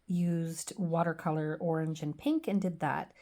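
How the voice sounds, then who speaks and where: A woman's voice: fairly low pitch, steady tone, moderate pace, hardly any pauses, a little mellow. A middle-aged woman chatting casually as she shows off her scrapbook pages, gushing and poking fun at herself. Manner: chatty, gushing, self-deprecating. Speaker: scrapbooking vlogger. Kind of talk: casual show-and-tell chat.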